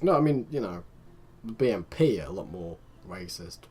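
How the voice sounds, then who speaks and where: A man's voice: lowish voice, animated, normal speed, dark tone, slightly rough. Rambling man commenting on gameplay. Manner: rambling, chatty, talks to himself. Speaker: let's play host.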